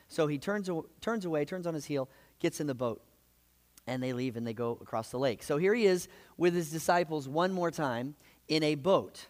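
A preacher with a slightly higher voice retells gospel stories in a sermon to his congregation, speaking a little fast in a big hall where his words trail into long reverb. He's a lively, conversational storyteller, full of asides and self-corrections.

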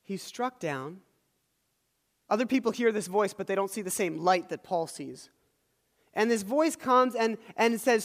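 A man's voice: high voice, a little slow. A man preaching a sermon as the pastor of a church, retelling a scripture story in a conversational way with asides to the congregation. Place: church hall. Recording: large hall with long reverb.

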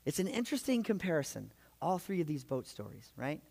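A man preaching a sermon, retelling gospel stories in a lively, conversational way with frequent asides. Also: fairly high pitch, a little fast, gravelly, slightly rough. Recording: long hall reverb.

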